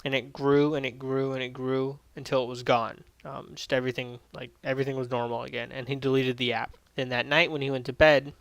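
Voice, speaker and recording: A man's voice: mid-range voice, little pitch movement, brisk, vocal fry, hardly any pauses, a bit bright, no echo. A man casually recapping and reviewing an anime episode, rambling with lots of fillers and swearing freely.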